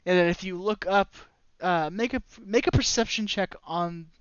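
A man's voice: high voice, normal speed, smooth, dry recording. A man running a tabletop role-playing game as game master, narrating loosely with lots of fillers. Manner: rambling, many fillers, laughing. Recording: dry, dull lo-fi mic.

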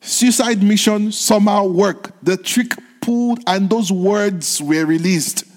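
Male pastor, sermon, high voice, storytelling delivery, long hall reverb. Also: slow, a little mellow. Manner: storytelling preacher, rhetorical questions.

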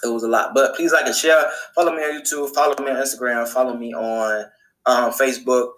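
A man's voice: fairly quick, poor audio. A man hosting a podcast, recapping a TV episode in a casual, colloquial monologue and repeating phrases for emphasis. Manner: animated, acts out characters' lines in a higher voice. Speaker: podcast host.

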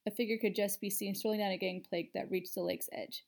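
A woman narrating a story aloud in a steady, even reading voice. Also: mid-range voice, fairly quick, gravelly.

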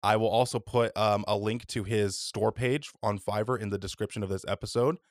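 A man's voice: lowish voice, fairly even intonation, a little fast, no echo, clean studio sound. A man hosting a podcast in casual chat, laid-back, swearing freely and using many fillers. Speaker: podcast host.

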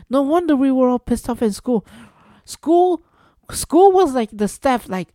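An extremely high-pitched man with a darkish tone rants casually on his solo podcast, recorded dry in a clean studio. He's from New Jersey, USA, and his exasperated, profane delivery is packed with rhetorical questions.

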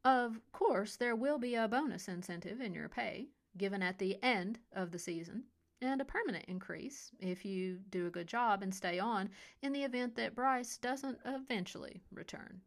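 A woman's voice: medium pitch, lively intonation, normal speed, close to an everyday voice. A woman voicing a cold, scheming male resort boss with a Californian accent, smug and detached. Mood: cool. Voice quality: icy, detached. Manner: smug, menacing, mocking. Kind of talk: audiobook character voice.

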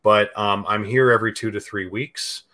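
Excitable man with a bright voice. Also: fairly low pitch, moderate pace. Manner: enthusiastic, excitable. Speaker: podcast guest. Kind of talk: casual chat.

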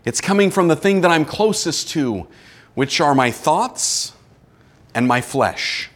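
A man preaches a sermon, his voice sitting a little high for a man. He acts out quotes and swings between lively, raised lines and sudden quiet drops. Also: slow. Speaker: pastor.

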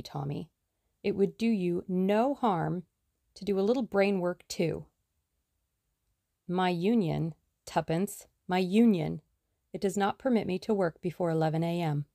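A woman's voice: lowish voice, measured pace, creaky, mellow, no room sound, clean studio sound. A woman doing a lazy teasing young man. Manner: teasing, mock-formal.

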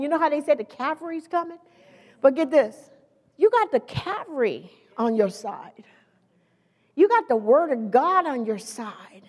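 A woman preaching a sermon in a lively, conversational way, with playful asides to the congregation. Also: high-pitched, big-room sound.

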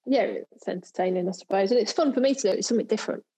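A former professional golfer and television presenter from England talks very fast in a casual interview, her mid-range voice dark and husky. The audio is poor, and her storytelling is packed with fillers and restarts.

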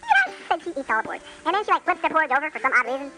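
A man putting on a pitched-up chipmunk voice to tell a fairy tale in a rambling, stammering way with crude comic asides. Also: wildly swooping pitch, very fast, bright, forceful tone, faint music behind, heavily acted, low-quality recording. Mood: rambling, sassy. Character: sped-up chipmunk telling a rowdy fairy tale. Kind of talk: comic storytelling.

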